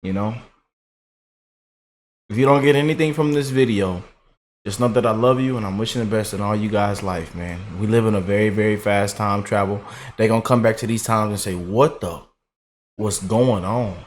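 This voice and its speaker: A man's voice: on the low side, fairly quick, slight background noise. Laid-back man rambling to viewers. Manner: laid-back, drawling, repeats "man" and "y'all". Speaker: political commentary vlogger. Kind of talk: casual rambling commentary to viewers.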